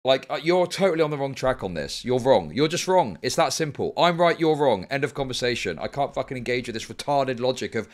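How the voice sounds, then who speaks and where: Male streamer, argumentative and profane, lively swinging pitch. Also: brisk, hardly any pauses. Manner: argumentative, heated, swears often. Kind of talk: live stream commentary.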